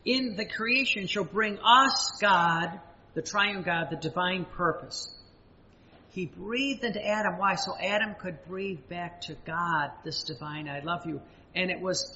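High, bright-voiced male preacher in a hall. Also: lo-fi sound. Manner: emphatic, repetitive preaching with dramatic pauses and sudden rises. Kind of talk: sermon.

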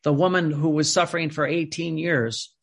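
A male preacher with a gravelly, husky voice pitched a little high. He preaches emphatically, repeating phrases and restarting sentences as he builds his point. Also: steady tone, moderate pace. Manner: repetitive, emphatic, with many restarts. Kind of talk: sermon.

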